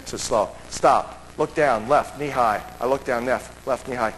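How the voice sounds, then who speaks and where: A man telling a story to an audience, acting out the dialogue with raised voices and dropping to a hush. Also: normal speed, slight background noise, rough recording. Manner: acts out dialogue with raised pitch, drops to a hush. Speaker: speaker at a seminar. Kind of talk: animated storytelling talk.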